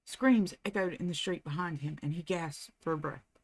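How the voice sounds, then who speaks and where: A woman reading a novel aloud at a steady, unhurried pace, as the host of a reading channel. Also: sits low.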